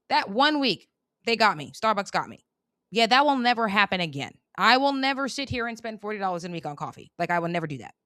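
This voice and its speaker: Fast-talking animated woman host. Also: fairly high pitch, no echo, studio quality. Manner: animated, emphatic, colloquial. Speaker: channel host. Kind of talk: casual commentary monologue.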